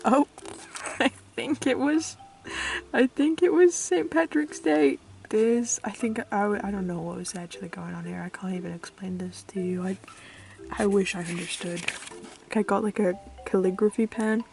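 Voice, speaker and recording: A creaky, medium-pitched voice belongs to a young British vlogger chatting in an unhurried, casual way, with faint music in the background. She mocks herself, giggles, frequently trails off into mutters, and squeals with delight at finds.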